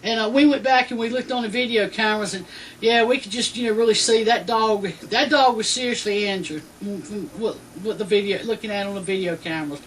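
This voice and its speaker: A woman recounts a faith testimony in a loose, rambling way, leaning on "you know" between phrases. Her voice sits at an ordinary middle pitch. She is recorded a little away from the microphone, with faint noise underneath. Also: a little fast. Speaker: Christian testimony speaker. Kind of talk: personal faith testimony storytelling. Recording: distant mic with faint background noise.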